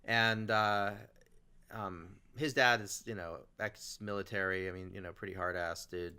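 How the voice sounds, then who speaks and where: A man's voice: deep voice, a little slow, clean tone. A man hosting a podcast, telling a long personal story in casual conversation and briefly acting out the people in it. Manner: animated, acts out quoted people in his stories. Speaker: podcast host.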